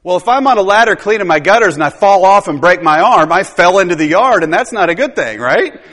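Man preaching, high voice, rambling conversational sermon, long hall reverb. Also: animated, brisk, a bit bright. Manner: conversational and rambling, with tag questions and chuckles. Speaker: pastor.

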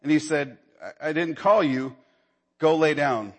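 A pastor speaks a little slowly, his voice carrying the sound of a big room. He preaches conversationally, acting out the dialogue of the Bible story he's telling, and his pitch rises when he gets stirred up.

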